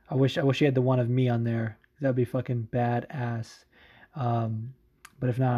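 Male podcast host, casual and profane, late-night tired, average pitch. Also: dull audio. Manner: profane, excitable, says dude a lot.

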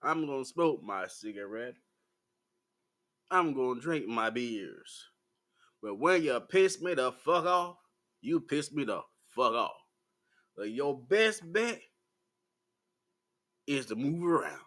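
A man in his forties with a Southern American accent, ranting bluntly and profanely to the camera in a slow, laid-back vlog. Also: medium pitch, very animated, a bit bright. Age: 40s. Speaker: vlogger.

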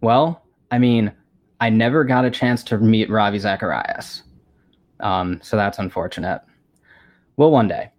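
A man with a low voice answering questions over a video call from a room lined with books. He speaks thoughtfully and casually, often starting with "well, I mean". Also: measured pace, long pauses, darkish tone. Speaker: guest, Christian apologist. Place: home room with a bookshelf behind.

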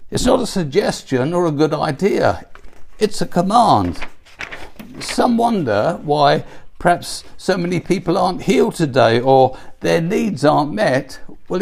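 A man's voice: a little high, creaky, a little mellow. A man preaching a sermon, emphatic and exhorting, driving home his points through repetition. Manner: emphatic, exhorting with repeated phrases.

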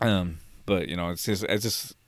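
A man's voice: deep voice, steady tone, normal speed. A man chatting casually, telling a rambling story full of restarts and swearing, laughing as he goes. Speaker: office worker. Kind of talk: casual chat.

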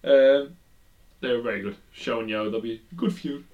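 A man's voice: mid-range voice, moderate pace, lo-fi sound. A young man co-hosting a casual wrestling podcast, rambling through match results with frequent restarts and laughter. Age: young adult. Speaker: podcast co-host.

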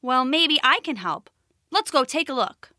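A woman voicing a calm, wily male frog in a storybook, talking in an unhurried, knowing way. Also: sits high, no room sound, clean studio sound, heavily acted.

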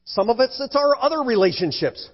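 A male pastor preaching a sermon in an animated way, at times acting out frightened voices. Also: extremely high pitch, a little fast, husky. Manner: animated, acts out scared voices for effect. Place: church sanctuary. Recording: dull sound with long hall reverb.

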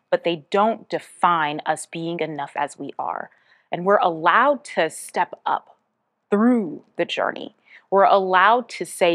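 A woman hosting a motivational podcast, speaking earnestly and encouragingly, with bursts of bubbly excitement. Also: lowish voice. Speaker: podcast host and author. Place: Smyrna, Georgia area.

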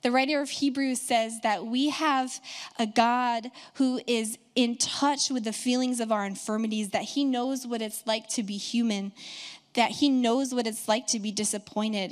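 A woman pastor preaching a sermon, telling a story and building to fervent, emphatic proclamation. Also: on the high side.

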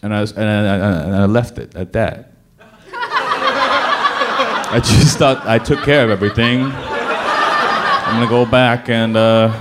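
A man telling a personal story to a live audience, animated, with stammering restarts and sudden bursts of emphasis. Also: medium pitch, slow pace, pauses often, heavy background noise.

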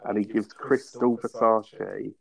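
A man's voice: on the low side, steady tone, slow pace, gravelly, low-quality recording. A man co-hosting a casual podcast, chatty and teasing as he recaps a TV episode, recorded on a phone at home. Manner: chatty, teasing, laughs often. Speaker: podcast co-host. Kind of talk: casual chat recapping a TV show.

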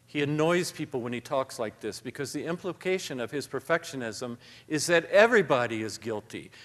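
A man's voice: medium pitch, animated, fairly quick. A man in a reverberant hall, reflective. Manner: thoughtful, self-deprecating, reads passages aloud. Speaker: author and guest speaker. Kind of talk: live onstage conversation.

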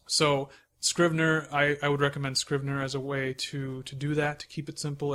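Brief: male podcast host, laid-back advice from experience, even monotone delivery. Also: medium pitch. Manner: relaxed, conversational, hands-on advice. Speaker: podcast host and self-published author. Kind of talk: casual advice talk.

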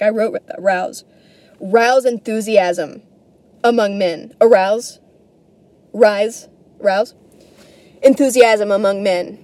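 A young woman with a high yet mellow voice talks through a solo podcast, rambling and self-deprecating. She swears casually and restarts her sentences often. The sound is dry and close, with no room around it. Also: no room sound. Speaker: podcast host.

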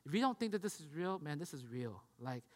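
A man's voice: fairly high pitch, big pitch swings, fairly quick. Man preaching in a reverberant hall. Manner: conversational, repeats "right?" often, acts out quoted voices. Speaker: pastor. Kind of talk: sermon.

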